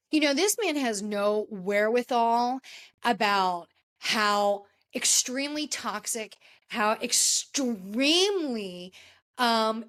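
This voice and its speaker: A woman hosts a podcast, giving an emphatic, indignant recap in casual chat and calling people out directly. Her voice is a little high with a fairly bright tone.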